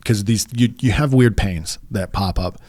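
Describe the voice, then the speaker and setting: Male guest, lower voice, halting and rambling storyteller, dry studio. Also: a little mellow, no room sound. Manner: rambling, halting, with many restarts and fillers. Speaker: podcast guest. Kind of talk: casual storytelling interview.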